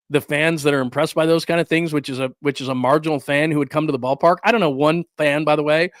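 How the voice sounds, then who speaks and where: A man's voice: a little high, no echo, studio quality. Fired-up man ranting on a sports stream. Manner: animated ranting with quick asides and laughs; reads and answers live chat. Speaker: sports talk host. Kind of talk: solo livestream sports rant.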